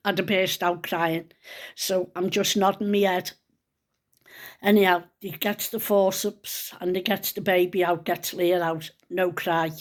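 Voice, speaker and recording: An older woman tells a personal family story, close to tears and dropping into hushed whispers. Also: fairly low pitch, little pitch movement, unhurried. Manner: hushed and tearful at times, drops to whispers. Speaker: grandmother telling a personal story. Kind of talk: emotional spoken storytelling.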